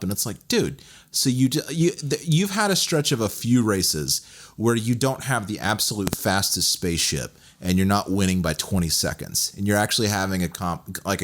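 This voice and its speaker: A man's voice: fairly low pitch, a bit bright. A young man from Texas co-hosting a casual podcast, rambling and laughing with lots of fillers. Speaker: podcast co-host. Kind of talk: casual chat.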